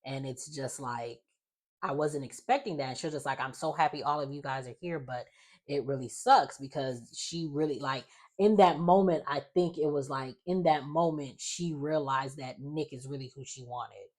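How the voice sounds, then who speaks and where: A woman's voice: rumbling low, moderate pace, darkish tone. A young woman recapping a reality show in a casual, rambling way, full of fillers and quoted asides.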